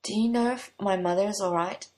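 A woman's voice: medium pitch, brisk, a little mellow, close to an everyday voice. A woman reading the part of a frightened young male warlock held captive, who talks in a sullen, tearful way. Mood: pleading.

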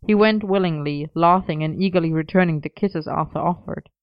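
Smooth-voiced story narrator. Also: mid-range voice, fairly quick, dry recording, lo-fi sound. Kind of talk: audiobook reading of a romance story.

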